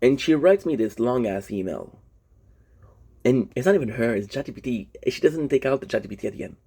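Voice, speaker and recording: A young French-speaking man vents casually and frankly to his vlog audience in a rambling monologue, swearing a lot and often restarting his sentences. His medium-pitched voice is warm and animated, fairly quick, with vocal fry and a breathy edge.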